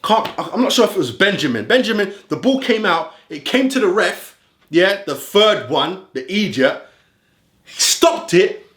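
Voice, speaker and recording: Man, football vlogger, heated ranting reaction, high animated voice, roomy echo. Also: measured pace. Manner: animated, ranting, street slang.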